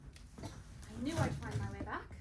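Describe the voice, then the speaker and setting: Brief: actress as prim, gushing lady inventor, high and lively voice, far-off stage mic in a roomy hall. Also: slow pace. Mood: excited. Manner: theatrical, breezy, prim and gushing. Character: genteel female inventor and time traveler, adult, excitable. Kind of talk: live stage acting. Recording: roomy theatre heard from far off, noisy.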